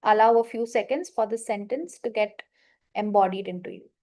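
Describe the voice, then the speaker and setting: A woman coach leading a guided money affirmation exercise, slowly repeating statements and giving prompts to her listeners. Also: medium pitch, darkish tone. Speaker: manifestation coach leading a workshop.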